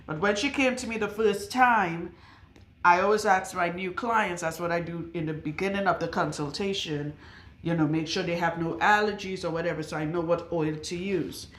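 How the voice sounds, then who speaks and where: A woman's voice: fairly low pitch, moderate pace, a bit bright. Woman, loctician, blunt, outspoken, emphatic, rhetorical questions, echoey salon room. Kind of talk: casual talk to camera while working on a client. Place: her salon room with a radiator. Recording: roomy echo.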